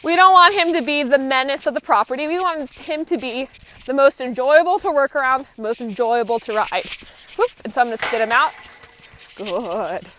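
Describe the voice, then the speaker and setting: A woman horse trainer with a high, bright voice talks through her work outdoors. She keeps her tone calm and low-key and explains each step as she goes. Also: fairly quick, slight background noise. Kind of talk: live training commentary.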